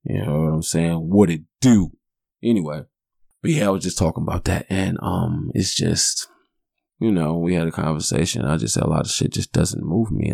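A man's voice: deep voice, vocal fry, darkish tone, dry recording, clean studio sound. A man in his forties hosting a podcast, telling rambling, profane stories in a laid-back way. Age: 40s. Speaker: podcast host. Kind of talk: casual storytelling monologue.

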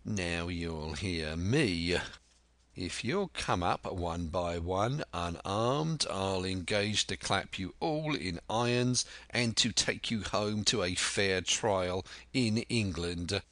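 A man voicing a stern older ship's captain in an audiobook, speaking in a slow, clipped, commanding way. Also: sits low, animated, bright, forceful tone, dry recording, heavily acted. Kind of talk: audiobook character voice.

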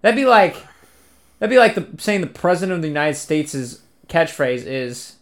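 A man's voice: fairly high pitch, sing-song, normal speed. A young man co-hosting a casual chat podcast, stammering through restarts and swearing for emphasis. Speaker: podcast co-host and editor.

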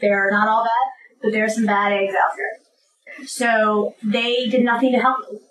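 A woman guest giving personal testimony in an interview, earnest and emphatic, with halting restarts. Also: a little high, flat delivery, fairly bright tone, poor audio.

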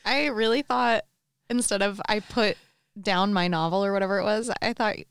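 A woman's voice: mid-range voice, moderate pace, clear, resonant tone, no echo, clean studio sound. A woman co-hosting a podcast in casual chat, wry and joking. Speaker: podcast co-host.

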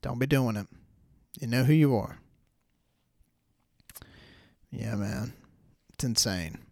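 A man's voice: medium pitch, measured pace, creaky, no room sound. A man hosting a casual solo podcast, talking loosely in slang and calling listeners bro. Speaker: podcast host.

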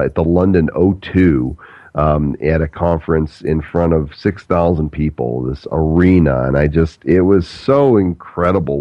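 A man's voice: extremely low pitch, no echo, muffled recording. A man being interviewed as an entrepreneur and speaker, talking in an upbeat, expansive way and repeating words as he thinks. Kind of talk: conversational interview answers.

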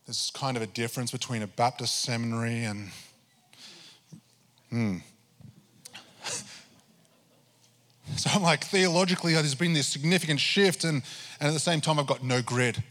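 Man pastor, mid-pitched, animated sermon storyteller, church reverb. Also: normal speed, long pauses. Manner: animated storytelling, acting out his own prayers. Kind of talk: sermon testimony.

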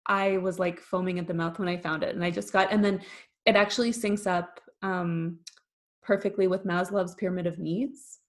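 A woman from Canada in her thirties, a podcast guest telling her story in an animated, casual way, full of "like" and acted-out quotes. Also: lowish voice, normal speed. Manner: animated, acts out quoted voices, frequent fillers.

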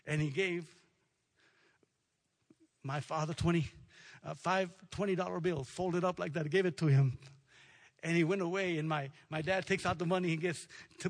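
A male pastor from preaches with a high, husky voice. He moves from relaxed storytelling into a building, emphatic, repetitive declaration. His colors his words. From South Texas. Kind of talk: sermon.

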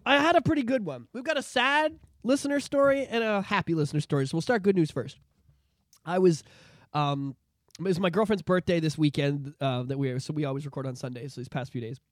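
Podcast guy, higher voice, talks fast and rambly, lots of restarts, dry close mic sound. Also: dry recording. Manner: rambling, animated storyteller with many restarts. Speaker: podcast co-host. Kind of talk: casual podcast chat.

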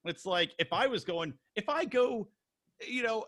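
A man's voice: high-pitched, lively intonation, measured pace, a bit bright. A man co-hosting a casual podcast chat, ranting bluntly and swearing freely. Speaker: podcast co-host.

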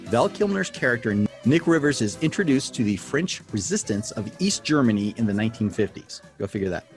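A man's voice: mid-range voice, big pitch swings, a little fast, faint music behind. A man hosting a podcast trivia game, reading questions and scoring answers playfully. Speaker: quiz host.

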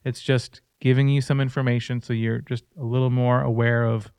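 Earnest, smooth-voiced man on a podcast. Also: mid-range voice, little pitch movement, a little fast, darkish tone, no echo. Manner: earnest storytelling. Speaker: podcast co-host. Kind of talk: casual faith-based podcast chat.

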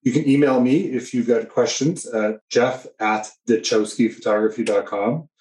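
An easygoing man with a New Hampshire accent talks as a podcast guest. He speaks at a middle pitch, hesitating with plenty of ums. His voice carries a roomy echo. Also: fairly even intonation, moderate pace, a little mellow, slight background noise. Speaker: guest photographer. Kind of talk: casual podcast interview.

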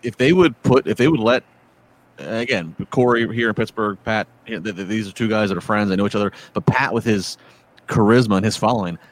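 A man's voice: lowish voice, a little fast. A man co-hosting a casual wrestling podcast, thinking aloud hesitantly with many restarts. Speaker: podcast co-host.

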